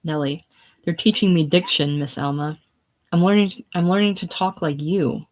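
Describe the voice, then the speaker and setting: Woman doing an eager gushy young girl, chatty and bright, play reading. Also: fairly low pitch, normal speed, close to an everyday voice. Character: eager gushing young girl, a former pupil.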